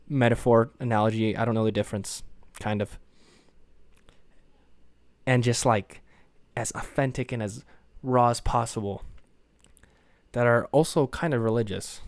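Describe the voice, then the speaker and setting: A young man with a medium-pitched voice talks through a casual solo podcast in his home room, his parents just down the hallway, and there's no room sound. His speech rambles and hesitates, packed with fillers and restarts. He's self-conscious, describing his own delivery as monotone.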